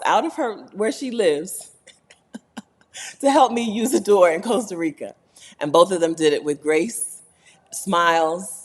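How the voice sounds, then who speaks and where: An American woman chatting casually on a livestream vlog, animated and laughing, often tagging her points with "right?". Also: low voice, big-room sound. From United States. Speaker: vlogger.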